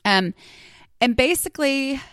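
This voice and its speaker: A woman's voice: high voice, expressive, measured pace, a bit bright, no room sound, clean studio sound. Chatty self-deprecating woman podcast host. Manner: chatty and self-deprecating, many ums and asides. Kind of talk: casual confessional monologue.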